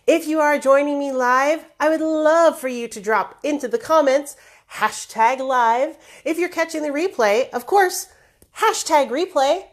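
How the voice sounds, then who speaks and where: A woman hosting a live stream with business tips, talking in a chatty, lively way and clearing her throat now and then. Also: high voice, measured pace. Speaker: host.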